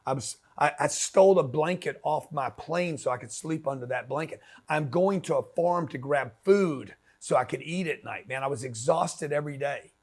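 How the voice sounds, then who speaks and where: A man's voice: fairly high pitch, normal speed, few pauses, darkish tone. A man giving a blunt, slangy motivational talk, punchy and direct, often acting out quoted voices. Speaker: motivational business speaker.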